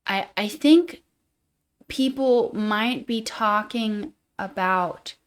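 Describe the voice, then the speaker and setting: A woman with a Utah accent hosting a livestream, chatting casually in a fairly monotone way and reading chat comments aloud. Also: mid-range voice, extremely slow, clear, resonant tone. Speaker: livestream host.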